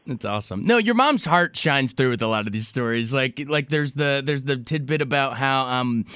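A man's voice: mid-range voice, lively intonation, normal speed, a bit bright, smooth, no echo. A man hosting an interview, laughing often and stumbling a little as he works through his questions. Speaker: interview host. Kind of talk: casual interview.

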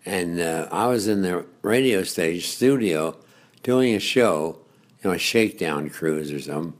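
An older man, a longtime radio host, telling stories in an interview, rambling with chuckles and pauses. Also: low voice, lively intonation. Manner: rambling storyteller with frequent uh's and chuckles. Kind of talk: reminiscing interview.

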